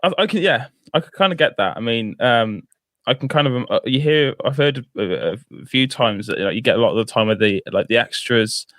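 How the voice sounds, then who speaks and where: A man's voice: medium pitch, lively intonation, brisk, a bit bright, no room sound. A man hosting a podcast in casual chat, chatty and fond of tag questions. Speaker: podcast host.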